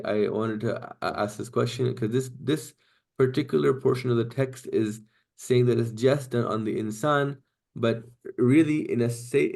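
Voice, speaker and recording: A man's voice: mid-range voice, creaky, darkish tone. A man teaching an online class, explaining step by step and often checking in with "right?" and "okay?". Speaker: Quranic Arabic teacher.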